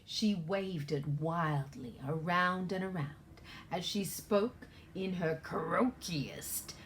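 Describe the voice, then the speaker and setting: A woman's voice: fairly low pitch, slow, slight background noise. A woman author reading her children's storybook aloud in a playful way and asking the young listeners questions.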